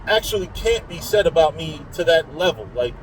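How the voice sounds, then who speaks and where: A man's voice: fairly high pitch, lively intonation, normal speed, a little hiss or hum, rough recording. A man speaking in a casual monologue as a religious community speaker, talking bluntly with frequent swearing and repeating words as he builds his point.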